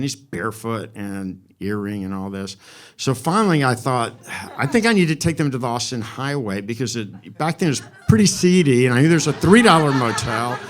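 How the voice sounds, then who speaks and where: A man in his sixties tells a personal story on stage. He speaks candidly with some swearing and acts out the quoted dialogue. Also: mid-range voice.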